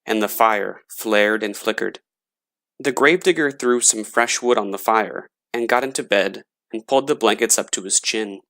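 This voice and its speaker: A man narrating a scary story in a slow, dramatic reading voice. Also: on the low side, a bit bright.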